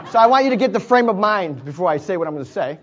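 Brief: male preacher, high voice, storytelling sermon with chuckles and asides, dull lo-fi sound. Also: lively intonation, brisk, some chatter behind. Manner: chuckles often, conversational asides. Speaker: pastor. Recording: dull lo-fi recording.

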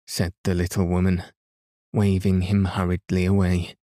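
Brief: low, mellow male narrator, calm bedtime reading, dry close sound. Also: no echo. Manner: calm, gentle, unhurried. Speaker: podcast reader. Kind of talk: slow, soothing bedtime story reading.

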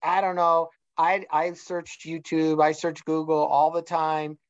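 A man's voice: fairly high pitch, level tone, measured pace, dry recording. Man telling a story, dull lo-fi sound. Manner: storytelling, acts out quoted dialogue. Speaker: guest. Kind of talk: casual discussion.

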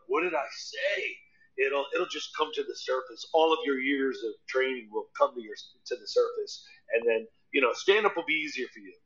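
A stand-up comedian chatting casually and telling animated stories, acting out other people's voices. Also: male voice, medium pitch. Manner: animated storytelling, acts out voices. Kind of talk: casual chat. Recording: dull lo-fi audio.

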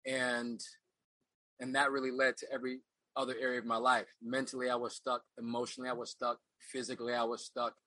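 A middle-aged man speaks as a guest in a relaxed interview, earnest and reflective. He doubles back and repeats himself as he gathers his thoughts. His voice has a bright, forceful edge, and the sound is close and dry with almost no room. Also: mid-range voice, brisk, dry recording, low-quality recording. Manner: earnest, reflective, repeats phrases while searching for words. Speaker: podcast guest, actor. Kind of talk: casual interview storytelling.

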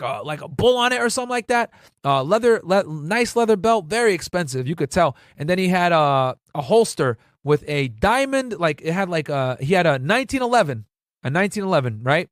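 A man in his thirties tells war stories from his time as a federal agent, casual and profane, tossing in "bro" and restarting sentences. His voice sits a bit high for a man. It is recorded close and dry, with no room sound. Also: dry recording. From Connecticut, US Northeast. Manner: slangy and profane, peppered with "bro" and "right?"; rambling, with frequent restarts. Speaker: former federal agent, channel host. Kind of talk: casual storytelling to viewers.

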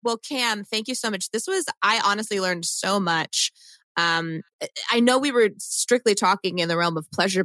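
A woman's voice: fairly low pitch, no room sound. A woman hosting a casual podcast interview, talking effusively and laughing often. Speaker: podcast host.

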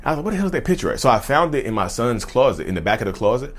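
A man telling viewers a personal story in a casual, animated way, acting out the dialogue and often saying "y'all". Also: medium pitch, racing. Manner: animated retelling, acts out dialogue, says "y'all". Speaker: vlogger sharing personal story.

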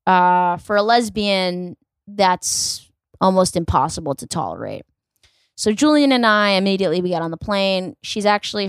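A young adult woman comedian with a fairly low voice hosts a solo podcast, telling rambling stories in a snarky, profane style. She acts out the people in them, and the recording is dry with clean studio sound.

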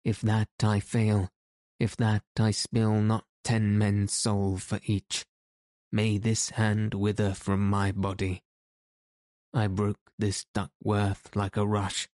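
A man voicing a gruff, commanding, vengeful middle-aged knight in archaic speech. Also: lowish voice, monotone, slow pace, darkish tone, no room sound, clean studio sound. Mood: furious.

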